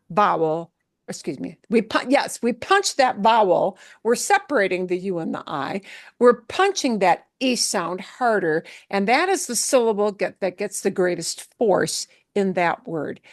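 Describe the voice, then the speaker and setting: A woman's voice: medium pitch, no echo, studio quality. A woman teaching a Spanish lesson, explaining words patiently and checking in with her listeners as she goes. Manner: patient, checks in with "yeah?" and "okay?".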